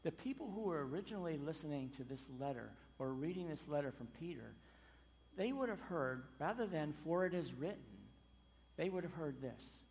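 A man preaching a sermon as pastor, emphatic, with loud stressed phrases and sudden quiet drops. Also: fairly high pitch, expressive, normal speed, gravelly, long reverb tail.

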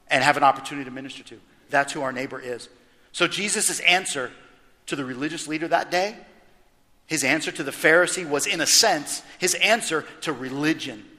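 A man preaching a sermon as pastor, animated and emphatic, throwing rhetorical questions at his congregation. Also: fairly high pitch, in a large hall.

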